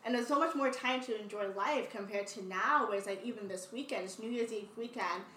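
Podcast co-host, woman in her 20s, bright and a bit high, recorded off-mic in a roomy space. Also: a little fast, recorded from a distance, a little hiss or hum. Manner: chatty, tells long stories with quoted self-talk. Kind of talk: casual chat.

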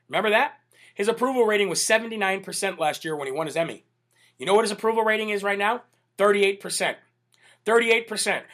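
A man hosting a political commentary livestream, animated, indignant and sarcastic, often calling out to "ladies and gentlemen". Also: high voice. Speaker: host.

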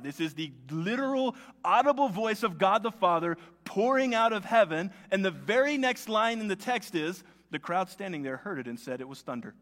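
A man preaching as pastor, animated and acting out quoted lines in shifting voices. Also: high voice, a little fast, long reverb tail. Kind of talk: sermon.

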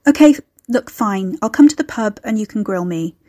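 A woman's voice: mid-range voice, animated, normal speed, warm tone, no room sound, clean studio sound, lightly acted. A woman as a shaky, wary young woman. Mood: wry. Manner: shaky, guarded, wry.

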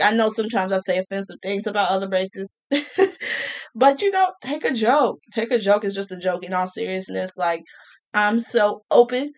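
A young adult woman talking casually to camera, joking, laughing often and repeating her phrases. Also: medium pitch. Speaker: vlogger.

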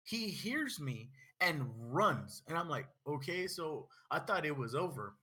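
Husky lively young man telling a story. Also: fairly high pitch, a little slow. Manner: animated, laughing storyteller. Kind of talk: casual chat.

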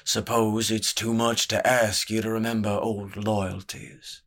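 A man's voice: on the low side, level tone, unhurried, a bit bright. A man putting on a sly older spymaster. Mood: cool, needling. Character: sly older male spymaster, cool and calculating.

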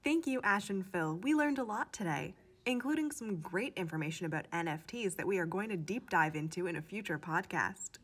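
A woman hosting a podcast, asking questions and reading the sign-off in a friendly, clear way. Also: lowish voice, expressive, brisk, hardly any pauses. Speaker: podcast host. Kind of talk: scripted podcast host reads.

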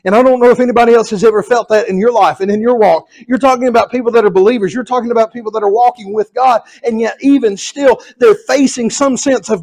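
A man's voice: extremely high pitch, quick pace, few pauses, darkish tone. A male pastor with a Southern US accent, preaching an expository sermon in an earnest, repetitive cadence.

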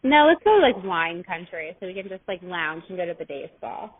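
A woman's voice: lowish voice, sing-song, a little fast, husky. A woman co-hosting a podcast, chatty and giggly, rambling through stories with her friend. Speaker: podcast co-host. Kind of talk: casual storytelling chat. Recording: tinny phone-like sound.

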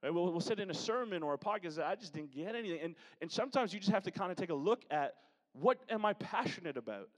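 Guy pastor giving a chatty sermon, slightly high voice, big church reverb. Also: animated, fast. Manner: conversational, joking asides to congregation. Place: church sanctuary. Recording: long hall reverb.

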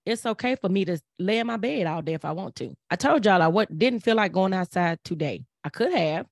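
A middle-aged woman gives a casual motivational talk. She speaks in an earnest, preachy way, stacking repeated phrases for emphasis. Her mid-pitched voice is recorded close and dry. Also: animated, brisk, vocal fry, no room sound.

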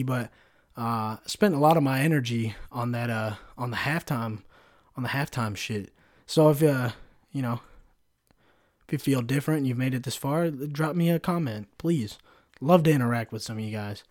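Animated man ranting on a solo podcast. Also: fairly high pitch. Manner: animated storytelling with frequent swearing and fillers. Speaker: podcast host. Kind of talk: casual solo podcast rant.

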